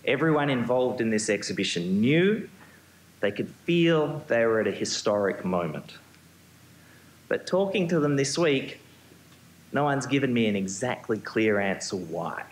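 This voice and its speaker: A man, a museum curator, giving a prepared symposium talk on stage, measured with occasional ums and restarts. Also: mid-range voice, expressive. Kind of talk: prepared lecture. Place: auditorium stage. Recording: echoey hall, faint hum.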